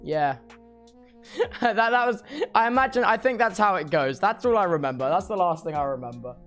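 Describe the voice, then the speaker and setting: Young male streamer, post-op groggy, slurry slangy ramble, soft music bed. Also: high voice, lively intonation, normal speed. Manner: rambling, slangy, many restarts. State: groggy after surgery, speech slightly impaired. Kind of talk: casual chat reading viewer messages.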